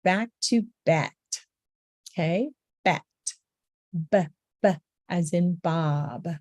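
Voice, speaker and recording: A woman's voice: on the low side, takes it slowly, darkish tone, dry recording. A woman teaching a beginner language lesson, patiently saying each letter sound several times over.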